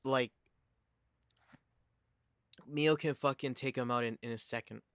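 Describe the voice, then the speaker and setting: A man's voice: mid-range voice, steady tone, a little slow, a bit bright, smooth, no room sound, studio quality. A man streaming a game playthrough, reading the dialogue aloud and cracking crude jokes in casual commentary.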